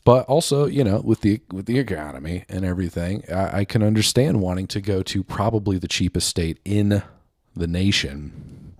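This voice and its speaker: A man's voice: low-pitched, moderate pace, dry recording, clean studio sound. A man hosting a solo podcast, chatting off the cuff in a rambling, self-mocking way and laughing at his own jokes. He is a little out of breath. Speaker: podcast host. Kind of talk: unscripted solo chat.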